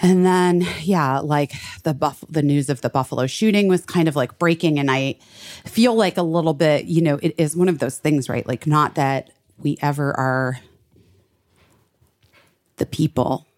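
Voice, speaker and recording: A woman with a notably low voice chats casually on a podcast recorded in a friend's home. She swears freely and talks in loose, trailing phrases. When something amuses her, her pitch leaps way up. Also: moderate pace. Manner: chatty, swears freely, big pitch swings when animated. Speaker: podcast co-host. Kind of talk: casual chat. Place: friend's house, indoors.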